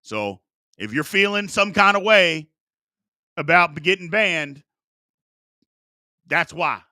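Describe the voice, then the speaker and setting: A chatty man in his forties runs a live sports talk show, reading viewer questions and riffing on them. His voice sits high and sounds very bright and sharp. The sound is dry, with almost no room around it. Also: takes it slowly, no echo. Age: 40s. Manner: animated, chatty, reads viewer questions aloud.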